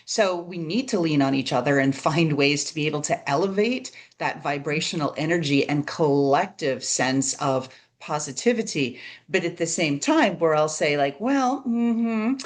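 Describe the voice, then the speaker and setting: A woman hosting a podcast, chatting in an animated way and tossing in quick "right?" asides. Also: sits low. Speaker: podcast host. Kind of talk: casual podcast chat.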